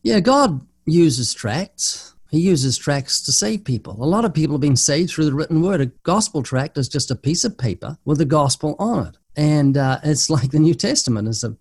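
A man's voice: fairly high pitch, moderate pace, hardly any pauses, slightly rough, no echo, clean studio sound. An older man, a guest evangelist, answering interview questions and telling stories in which he acts out the dialogue. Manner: animated storyteller acting out dialogue.

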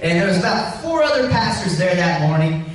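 A man preaching a sermon, telling a personal testimony with animated, rising emphasis. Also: sits high, brisk. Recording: echoey room, voice from a distance.

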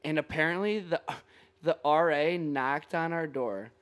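A man's voice: on the high side, measured pace, fairly bright tone. Rambling, laughing young man telling a story. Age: young adult. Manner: rambling, profane, laughing often. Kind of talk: casual storytelling among friends.

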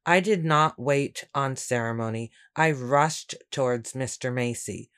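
A woman reading a first-person story aloud in a steady, measured way. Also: extremely low pitch, smooth. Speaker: audiobook narrator. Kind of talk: first-person scripted narration.

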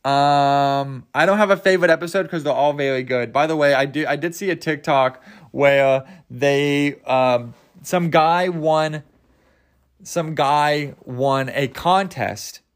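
A man's voice: on the high side, takes it slowly, clean tone. Rambling jokey young man. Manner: rambling, jokey, stumbles over words. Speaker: podcast host. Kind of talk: casual solo podcast chat.

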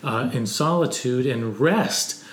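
A man co-hosting a Christian parenting podcast, giving gentle, practical encouragement to parents. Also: medium pitch, takes it slowly. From United States. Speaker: co-host. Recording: roomy echo.

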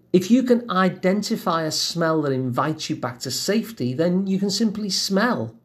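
A man giving a calm self-help lesson in a gentle, measured, reassuring way. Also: on the high side. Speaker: wellbeing teacher.

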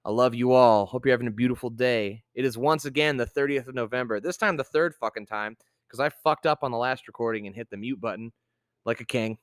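A young man hosting a casual podcast, swearing constantly and ranting with loud outbursts. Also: mid-range voice, brisk, clear, resonant tone. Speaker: podcast host.

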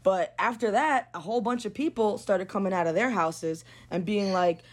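A young woman from New York, appearing as a guest, tells a story at a moderate pace in a mid-range voice. She's blunt and profane, with "like" scattered all through her casual talk.

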